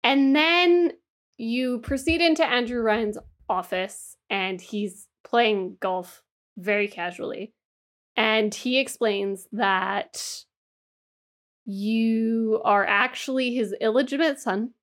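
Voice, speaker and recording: A woman's voice: on the high side, slow pace. A woman co-hosting a podcast, explaining a story at length in casual chat, with fillers along the way. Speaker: podcast co-host.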